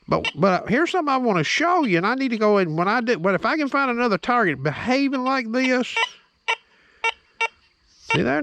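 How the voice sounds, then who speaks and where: A man with an extremely high-pitched voice gives a hands-on metal detector demonstration outdoors amid background noise. The hobbyist talks plainly with a drawl, frequently checking in with the viewer with an "okay?".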